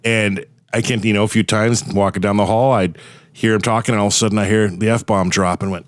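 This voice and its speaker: A man's voice: lowish voice, steady tone, brisk, no echo, studio quality. A man hosting a podcast, asking questions in a friendly, easygoing way. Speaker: podcast host. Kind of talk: casual podcast chat.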